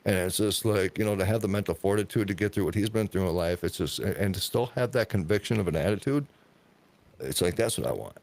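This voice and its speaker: Podcast host, male, lower voice, profane and emphatic in casual talk. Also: animated, fast talker, vocal fry, a little mellow.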